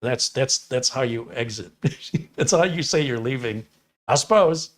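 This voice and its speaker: Here the same sort of speaker talks in an unhurried, mid-range voice: a fifties-aged computer technician from Michigan, USA. He chats casually with livestream viewers, answering them in a wry, opinionated way and tossing in sarcastic asides.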